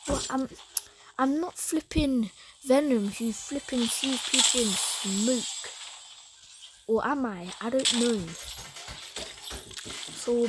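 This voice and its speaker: A woman's voice: a little high, very noisy. A woman giving casual, self-mocking commentary while playing a video game, laughing often. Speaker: gaming YouTuber.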